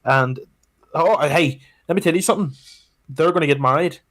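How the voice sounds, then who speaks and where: A young Irish man with a fairly high voice chats eagerly on a casual podcast. He talks in an animated way and often restarts his sentences. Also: moderate pace. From Ireland. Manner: animated, chatty, with hesitant restarts. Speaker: podcast co-host. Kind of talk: casual chat.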